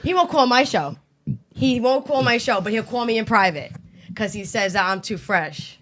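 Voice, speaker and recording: A woman's voice: on the high side, expressive, normal speed, a bit bright. A woman with a Long Island accent, co-hosting a casual chat show and telling stories in a chatty way with plenty of swearing. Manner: chatty, storytelling, swears freely. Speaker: co-host.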